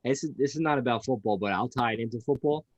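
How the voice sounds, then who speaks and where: A man's voice: medium pitch, quick pace, no room sound, lo-fi sound. A man co-hosting a casual sports podcast, rambling and profane, full of fillers and laughs. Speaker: podcast co-host.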